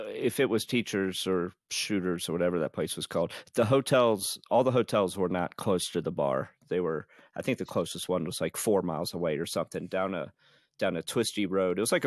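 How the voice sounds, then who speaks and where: A man's voice: low-pitched, no room sound, clean studio sound. A man hosting a podcast, telling a story in a casual, rambling way and laughing often. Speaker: podcast host.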